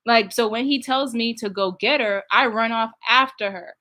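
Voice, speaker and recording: A woman's voice: a little high, moderate pace, sharp tone. A young adult woman casually commenting on video clips, talking directly to her viewers with a candid, laughing manner.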